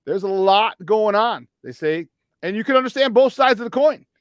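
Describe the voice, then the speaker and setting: A man co-hosting a sports talk show, telling a story in a lively, rambling way with many restarts and acted-out quotes. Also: sits high, normal speed, clear, resonant tone, no echo, clean studio sound. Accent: Chicago.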